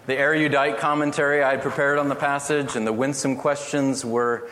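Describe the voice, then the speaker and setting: A middle-aged man preaching a sermon, telling family stories in an earnest, gently humorous way. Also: medium pitch, flat delivery, a little fast. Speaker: pastor. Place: church hall. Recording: echoey hall from far off, faint noise.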